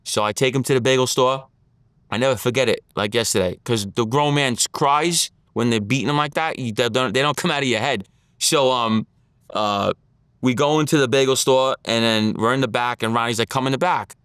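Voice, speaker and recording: New guy, blunt street talk, smooth full voice, dry close mic. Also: medium pitch, brisk, fairly bright tone, no echo. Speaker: interview guest, former mob associate. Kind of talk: casual storytelling interview.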